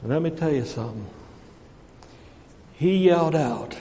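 A man preaching a sermon, folksy and shifting from hushed asides to loud calls. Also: a little high, lively intonation, measured pace, pauses often, in a large hall.

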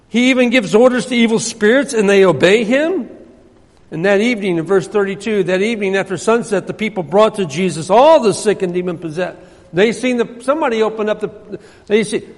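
High-voiced preacher man in a reverberant church. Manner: preachy, repeats phrases, swings between loud and hushed. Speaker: pastor. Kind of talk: sermon. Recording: long hall reverb.

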